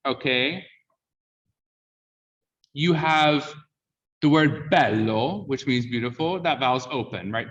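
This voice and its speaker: A man's voice: on the high side, fairly bright tone. A man coaching a class on sung diction, explaining points and quizzing the students, often checking in with "yeah?". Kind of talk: teaching a class. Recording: distant, dull lo-fi sound.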